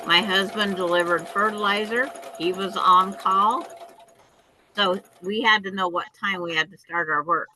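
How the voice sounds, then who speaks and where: Bright, insistent woman on a video call. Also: mid-range voice, steady tone, normal speed, slight background noise, low-quality recording. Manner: insistent, talks in restarts, argues her point. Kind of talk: casual chat.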